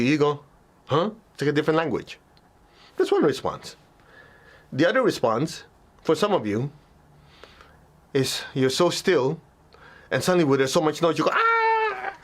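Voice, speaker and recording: In a spiritual teaching talk, a man who teaches meditation speaks in a conversational way. He keeps checking in with the audience, and he acts out reactions with abrupt high-pitched yelps.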